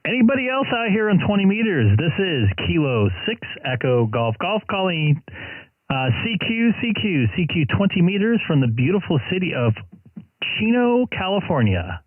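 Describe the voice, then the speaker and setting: A male ham radio operator hosting a live stream, chatting casually with callers and calling CQ in a relaxed, joking way. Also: sits high, moderate pace, phone-quality sound, slight background noise. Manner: relaxed, jokey, self-deprecating. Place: home radio station.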